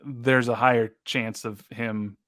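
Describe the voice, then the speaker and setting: A young man co-hosting a casual sports podcast, recapping soccer matches play by play with quick asides. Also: mid-range voice, level tone, a bit bright, no echo, clean studio sound. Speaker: co-host.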